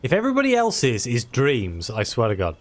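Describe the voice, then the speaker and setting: A let's-play host, a man who reads a role-playing video game's text aloud. His voice sits mid-range but moves a lot, with animated, lively rises and falls. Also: medium pitch, brisk. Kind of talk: reading game text aloud.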